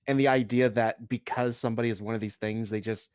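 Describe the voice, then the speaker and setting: A man's voice: mid-range voice, fairly even intonation, fast talker, clean tone, no echo, clean studio sound. A man co-hosting a stream, reacting to a video with blunt, profane rants. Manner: blunt, swears a lot, ranting. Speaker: stream co-host. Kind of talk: casual chat reacting to a video.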